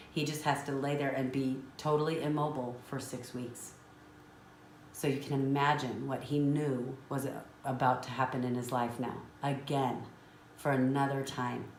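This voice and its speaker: A woman business trainer telling a motivational story in an earnest, emotional way. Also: sits low. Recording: roomy with faint noise.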